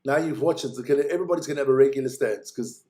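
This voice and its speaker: A man giving casual, joking live commentary on a snowboard race as host of a watch-along stream, chatty between heats and excitable during the runs. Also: mid-range voice, racing.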